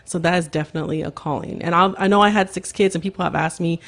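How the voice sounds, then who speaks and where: This woman talks fast, with a lowish voice and vocal fry. In her thirties and a guest on a podcast, she animatedly tells a story in casual chat, performing what everyone said.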